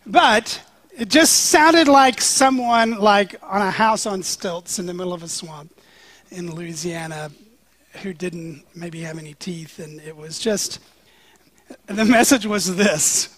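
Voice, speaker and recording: High-voiced male pastor, slow and joking. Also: fairly bright tone, dry recording. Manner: conversational and joking, with frequent "um"s. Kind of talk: sermon.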